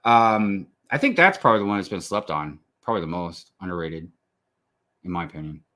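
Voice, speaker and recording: Chill guy on a podcast, kinda low voice, rambly, swears now and then. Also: a little fast, pushed and bright. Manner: laid-back, rambling, casual swearing. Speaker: podcast guest. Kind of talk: casual podcast chat.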